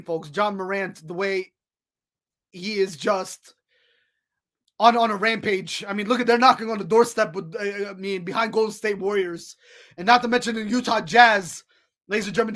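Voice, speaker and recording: Excitable high-voiced sports podcast man. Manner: excitable, repeats "folks" and "ladies and gentlemen", many restarts. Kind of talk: solo sports podcast, scores and picks.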